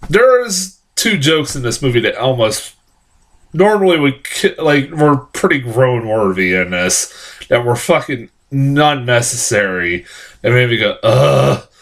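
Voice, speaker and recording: Animated, rambling male film reviewer. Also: mid-range voice, unhurried. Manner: rambling, profane, lots of restarts; animated, jumps into sarcastic reactions. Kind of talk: casual spoken film review.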